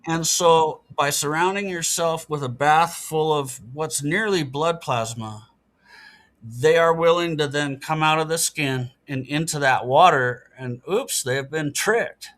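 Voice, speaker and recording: Unhurried and fairly bright, the voice of this middle-aged podcast guest sits on the high side. He talks casually during an interview, offering earnest, matter-of-fact explanations.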